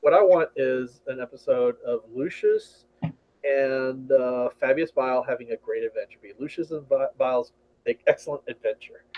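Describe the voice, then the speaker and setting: A man on a casual live chat, joking in a relaxed, drawn-out way. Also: mid-range voice. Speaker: podcast co-host. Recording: dull lo-fi stream audio.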